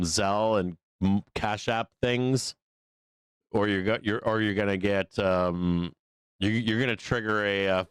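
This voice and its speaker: Hosting a live stock market stream, a man rants casually in frustration, swearing freely and laughing often. His voice is fairly low and clean, recorded dry.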